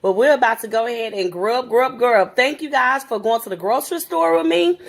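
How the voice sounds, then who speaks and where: A woman's voice: on the high side, fairly quick, gravelly. A woman vlogger talking viewers through a home cooking tutorial in a chatty way, calling them guys and stammering now and then.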